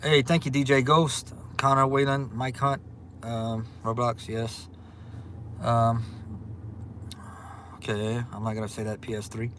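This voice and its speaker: A man from Louisiana with a Southern accent, chatting casually on a livestream and reading out viewer comments in a relaxed, drawling way. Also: mid-range voice, unhurried, long pauses, slight background noise. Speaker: livestream host.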